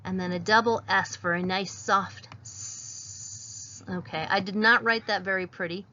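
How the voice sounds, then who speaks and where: A woman teacher talks slowly through a phonics lesson. She sounds out each letter patiently as she writes the words. The recording is dull and lo-fi. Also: medium pitch, steady tone, bright, forceful tone, slight background noise.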